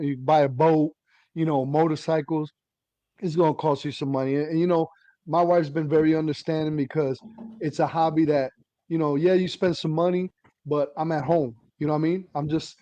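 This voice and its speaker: A middle-aged man, telling hobby stories in an animated, laughing casual chat. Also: on the high side, moderate pace, no echo, muffled recording. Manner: animated storytelling, laughs while talking. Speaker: radio hobbyist guest.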